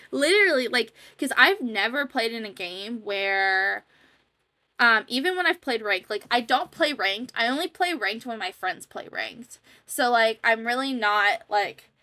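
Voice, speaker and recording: A young woman gaming YouTuber rambles casually over her own gameplay footage, chatty and self-deprecating. Her fairly high voice is animated, pushed, and bright at a measured pace, in a dry recording.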